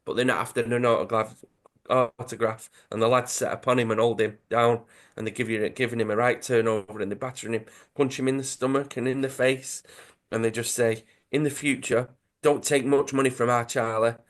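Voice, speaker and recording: Speaking briskly in a mid-range register, a man from Dudley co-hosts a podcast and casually relates a comic football story. He brings the quotes to life as he goes, pausing to fix his own wording.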